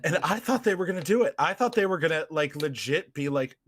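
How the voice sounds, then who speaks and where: A man hosting a casual podcast chat, excitable and quick to laugh. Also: a little high, slight background noise. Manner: excitable, laughs often, shouts quoted lines. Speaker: podcast host.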